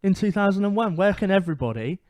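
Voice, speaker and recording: A man's voice: sits high, expressive, quick pace, darkish tone, dry recording. A man co-hosting a casual comedy podcast, laid-back and dry. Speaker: podcast co-host.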